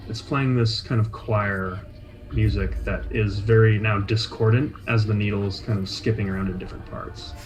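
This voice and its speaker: A man narrating a tabletop game as game master, describing scenes in a measured, atmospheric way. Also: fairly low pitch, poor audio. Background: faint soundtrack music.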